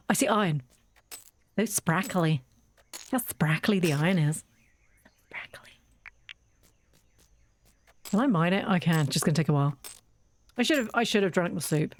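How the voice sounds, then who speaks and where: A woman's voice: on the low side, expressive, brisk, pauses often, a little hiss or hum. A woman chatting casually while playing a video game, telling rambling stories and giggling often. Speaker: gaming video host. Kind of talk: casual gameplay chat.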